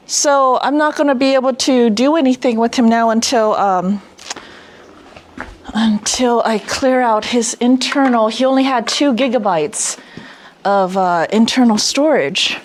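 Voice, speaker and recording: A woman hosting a video, excitedly commenting outdoors as two small drones fly, giggling and fussing over them like pets. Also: on the high side, unhurried. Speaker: vlog host testing drones. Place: outdoors near a garage.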